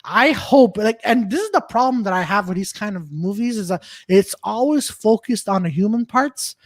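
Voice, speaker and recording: A man ranting excitedly in casual podcast banter, swearing often. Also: sits high, normal speed, no echo.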